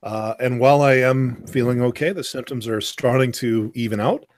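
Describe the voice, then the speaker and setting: A man co-hosting a casual podcast, talking in halting starts with repeated words and fillers. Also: mid-range voice, darkish tone, dry recording, studio quality. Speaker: podcast co-host. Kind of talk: casual chat.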